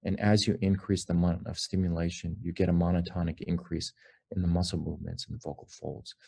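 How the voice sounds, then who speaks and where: A man presenting research findings in a measured academic lecture, explaining slides with frequent pauses and fillers. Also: sits low, level tone, gravelly, darkish tone, breathy edge.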